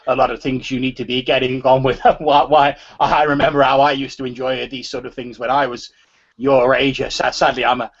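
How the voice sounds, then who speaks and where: A man voicing a frail, rambling old nobleman who stammers and repeats his words in a high, quavering voice. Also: flat delivery, fairly quick, lo-fi sound, lightly acted.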